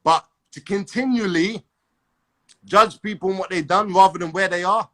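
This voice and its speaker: A man hosts the chat in a laid-back, placating way, leaning on slang fillers as he talks. His voice sits slightly high for a man. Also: normal speed, fairly bright tone. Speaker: interviewer. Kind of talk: casual chat.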